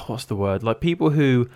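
A man's voice: mid-range voice, lively intonation, unhurried, a little mellow. A man co-hosting a casual podcast, blunt and opinionated with a mild swear now and then. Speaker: podcast co-host. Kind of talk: casual chat.

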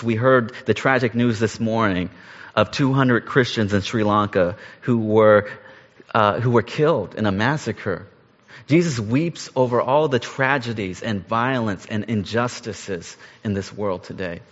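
Male pastor, earnest sermon delivery, muffled recording in a big reverberant room. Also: medium pitch. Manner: earnest, rises to emphasis then drops soft.

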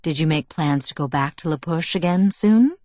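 A woman reading the lines of a calm, protective young man in a soft, measured, reassuring way, recorded on a close studio mic. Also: low-pitched, no room sound, close to an everyday voice. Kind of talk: audiobook dialogue reading.

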